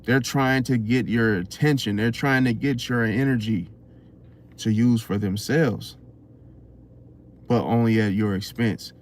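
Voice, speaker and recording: Slow-talking guy doing a preachy astrology monologue, keeps asking "see?". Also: medium pitch, slight background noise. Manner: preachy, rhetorical questions, keeps saying "see?". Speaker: astrology channel host. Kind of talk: unscripted motivational monologue.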